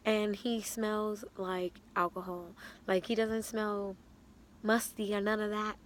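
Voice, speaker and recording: A young woman telling a casual storytime vlog, animated and slangy, often breaking into laughs. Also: medium pitch, takes it slowly, slight background noise. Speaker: vlogger.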